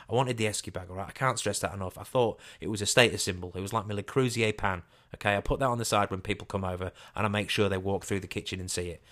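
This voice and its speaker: Man, lowish voice, comic storytelling, self-mocking, animated. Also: quick pace, hardly any pauses. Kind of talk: comic anecdote, casual storytelling.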